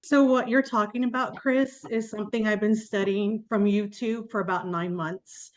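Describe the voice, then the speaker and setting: A woman's voice: mid-range voice, fairly even intonation, normal speed. A woman attendee on a webinar, speaking eagerly in a conversational way.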